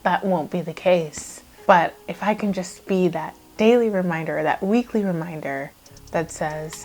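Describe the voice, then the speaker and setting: A woman's voice: on the low side, measured pace, darkish tone. A woman YouTuber talking to her viewers in a heartfelt vlog, earnest and reflective, a little emotional, with many casual "like" fillers.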